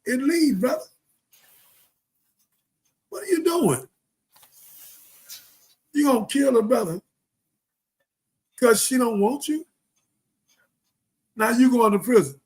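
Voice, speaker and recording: A middle-aged man hosting a live show, delivering a preachy, impassioned monologue full of scripture and rhetorical questions, swinging from loud outbursts to low mutters. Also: lively intonation, measured pace, pauses often, slightly rough, low-quality recording. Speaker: host of a live talk show.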